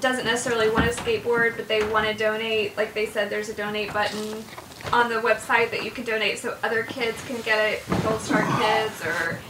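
A woman hosting a casual interview, speaking in a relaxed, plainspoken way. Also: a little high, a little fast. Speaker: host. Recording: echoey, distant, noisy room.

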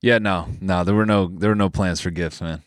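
A man's voice: sits low, brisk, dry recording, clean studio sound. A man co-hosting a podcast, joking playfully and mocking himself in casual chat. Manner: playful, self-mocking deadpan jokes. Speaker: podcast co-host.

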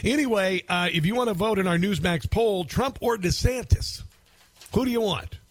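A man's voice: high voice, normal speed, no echo. A middle-aged man hosting a political talk radio show, rambling and sarcastic, with many fillers as he comments over a clip.

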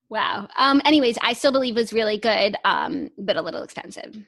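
A woman's voice: medium pitch, vocal fry, fairly bright tone. A woman co-hosting a podcast in casual, upbeat chat, often saying "like". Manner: chatty and upbeat, uses "like" often. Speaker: podcast co-host.

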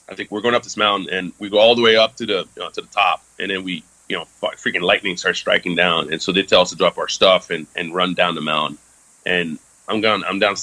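The interview guest, an Army veteran, has a deep, sharp-toned voice and speaks casually and candidly, with plenty of fillers and some swearing. The audio is dry and poor.

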